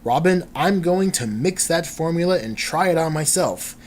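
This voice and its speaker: A man voicing a shaken masked hero who has lost his memory, in a comic book dramatic reading, slow and solemn. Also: a little high, lively intonation, a little hiss or hum, natural voice.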